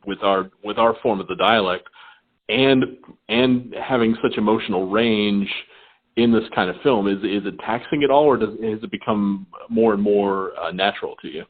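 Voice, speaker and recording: Husky Southern man on a phone line. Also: fairly low pitch. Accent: Southern American. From southern United States. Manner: rambling, halting questions with many restarts. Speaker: interviewer. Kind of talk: casual interview questions. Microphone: phone call.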